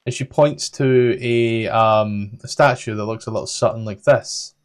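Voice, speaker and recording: A man's voice: mid-range voice, moderate pace. A man with a Scottish accent running a tabletop game, rambling casually as he looks things up. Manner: relaxed, rambling, flipping through notes aloud. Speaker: game master.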